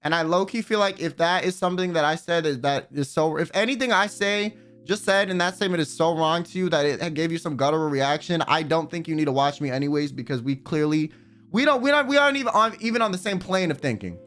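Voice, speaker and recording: A man's voice: a little high, quick pace, a bit bright, faint music behind. A man streaming live, ranting bluntly and with plenty of profanity while he reads out viewer messages. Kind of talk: casual livestream rant.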